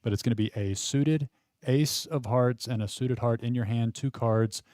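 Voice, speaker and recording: A man's voice: medium pitch, moderate pace, dark tone, dry recording, studio quality. A man hosting a live poker stream, chatting casually with fillers and frequent laughs.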